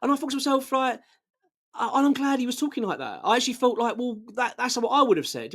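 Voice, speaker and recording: A man's voice: very high voice, animated, quick pace, a bit bright. A man, married, hosting a football fan channel and giving blunt, passionate casual commentary full of restarts. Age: adult, married.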